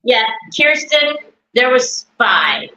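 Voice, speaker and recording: A woman's voice: a little high, sing-song, slow pace, bright, forceful tone. A woman, a mother, talking in a rambling casual chat, often quoting her son and herself. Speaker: grieving mother and guest. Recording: dull lo-fi stream audio.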